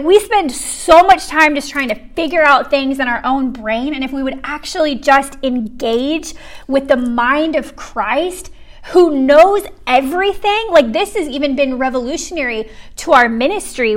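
A young woman giving a casual, earnest sermon as a ministry speaker. She talks in a chatty way with many fillers and drops to a hushed voice for quoted words. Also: high-pitched. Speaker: pregnancy center ministry speaker.

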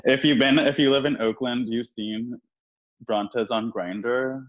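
A man's voice: mid-range voice, fairly even intonation, slow pace, muffled recording. A man hosting a podcast, chatting casually and teasing his guest with frequent giggles. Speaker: podcast host. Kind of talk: casual chat.

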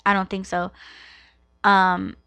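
A woman's voice: medium pitch, big pitch swings, slow pace, fairly bright tone, clear, resonant tone, no room sound. A woman in her thirties hosting a podcast, telling a personal story in a candid, profane, filler-heavy way. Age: 30s. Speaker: podcast host.

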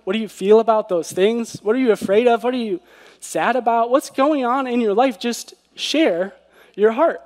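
A man with a high voice delivers an earnest devotional sermon, often turning to his listeners with rhetorical questions. His words ring out in a hall with a long, lingering reverb. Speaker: preacher.

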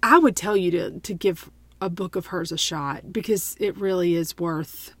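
A woman, co-hosting a casual book chat in an animated, teasing and emphatic way. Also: on the low side, normal speed, no echo. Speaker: podcast co-host and teacher.

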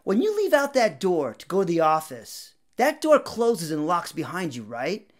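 Brief: man voicing a sly, unhurried male teacher in a spoken story, slightly lower voice. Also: huge pitch swings. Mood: teasing. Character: calm, teasing male teacher.

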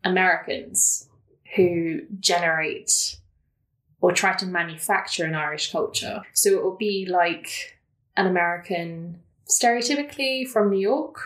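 A woman's voice: fairly low pitch, a little slow, a bit bright. A young woman telling stories in casual chat as a podcast guest, laughing often and full of fillers. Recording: roomy echo.

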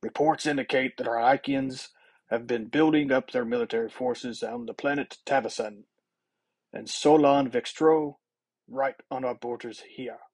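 Guy doing a young sci-fi king, serious and commanding, kinda husky voice, middle pitch. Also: steady tone, unhurried, darkish tone. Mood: grave. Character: young determined male space king.

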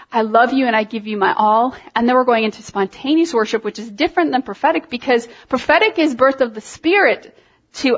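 High-pitched woman worship leader telling a story. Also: muffled recording. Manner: animated storytelling with laughs and rising emotion. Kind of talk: sermon-style testimony to a congregation.

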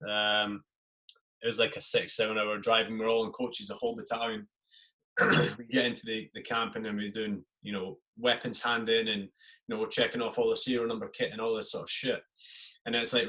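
A man's voice: lowish voice, level tone, a little fast, bright, forceful tone. A man and podcast host who tells army anecdotes in a casual, swearing way and acts out the voices of the people in them. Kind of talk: casual storytelling.

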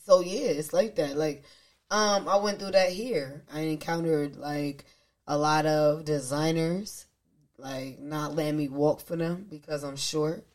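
A woman's voice: low-pitched, measured pace. A woman co-hosting a podcast, telling a story in casual chat and acting out what others said. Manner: animated, acts out quotes. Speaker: podcast co-host.

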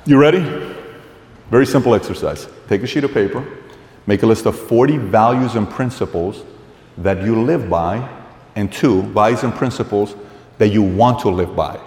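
A man giving a live motivational business talk to an audience, an animated storyteller who acts out dialogue with blunt, profane language. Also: lowish voice, normal speed. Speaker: business speaker. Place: large hall with a live audience. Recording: echoey hall, long reverb.

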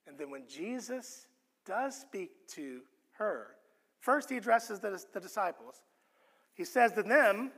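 A man preaching a sermon, earnest and expressive, often restarting his words as he teaches. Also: high-pitched, slow pace, breathy edge, long reverb tail. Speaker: pastor.

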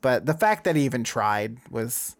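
A man in his thirties telling a story in casual chat, lively and acting out dialogue with a raised voice. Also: mid-range voice, moderate pace, no room sound. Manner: animated, acts out dialogue in a raised voice.

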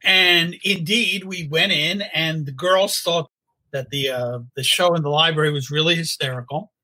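An older man spins a casual story, bright and a little husky in tone. He acts out quotes and laughs along with his own telling. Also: a little high, normal speed, rough recording. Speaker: storyteller guest.

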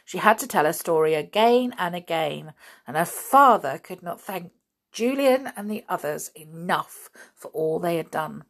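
Gravelly woman reading a children's story. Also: lowish voice, a little slow. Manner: steady, storytelling. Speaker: narrator. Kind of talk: reading a children's novel aloud.

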